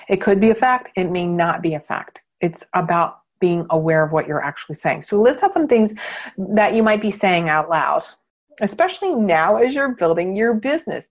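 A woman hosts her own podcast in a loose, conversational coaching style. She leans on fillers and slips into little acted-out quotes of what listeners might be thinking. Her pitch sits in the middle range for a woman. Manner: chatty, lots of fillers, acts out quoted thoughts. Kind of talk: casual motivational talk.

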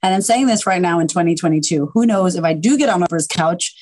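Emphatic low-voiced woman guest. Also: fast talker. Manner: animated, emphatic, swears casually. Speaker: podcast guest, confidence coach. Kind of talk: casual interview chat.

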